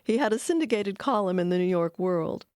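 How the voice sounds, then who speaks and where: A woman giving measured, scripted narration for a documentary. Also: medium pitch, animated, a little mellow, no echo, studio quality.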